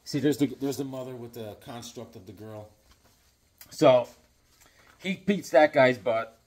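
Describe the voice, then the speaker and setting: Middle-aged male comic reviewer, husky and rambling, casual delivery. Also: mid-range voice, a little slow, darkish tone. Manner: rambling, repeats and restarts himself. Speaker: comic book video host.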